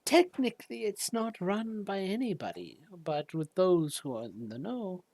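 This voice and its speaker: A woman's voice: fairly low pitch, lively intonation, a little slow, darkish tone, no room sound. A woman voicing an old woman who sells zombies, sweet-talking and coaxing, calling people dearie. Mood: sly.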